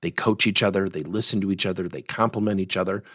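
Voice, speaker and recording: A middle-aged man hosting a coaching podcast, telling a work story in an animated, personal way. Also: deep voice, fast talker, no room sound, studio quality. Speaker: podcast host and workplace coach. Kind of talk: podcast monologue.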